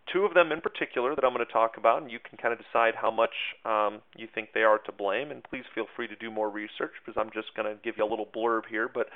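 Male teacher hosting a podcast, chatty and jokey, medium-pitched voice, phone-like lo-fi sound. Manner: chatty, self-deprecating jokes, many fillers. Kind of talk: casual spoken history lesson. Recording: tinny phone-like audio.

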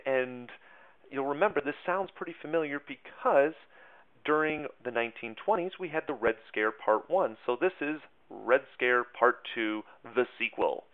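A man talks through a history lesson in a loose, chatty way, cracking small jokes at his own expense. His voice sits at a middle pitch. The sound is thin and tinny, like a phone line. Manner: chatty, self-deprecating jokes, many fillers. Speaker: teacher hosting a history podcast. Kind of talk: casual spoken history lesson.

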